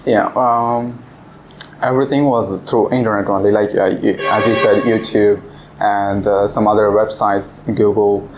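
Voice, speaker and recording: A man's voice: fairly low pitch, level tone, a little slow, slight background noise, poor audio. Chatty young man explaining to a class. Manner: chatty, laughs often, explains step by step. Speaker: visiting language teacher. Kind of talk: casual classroom discussion. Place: classroom in a language club.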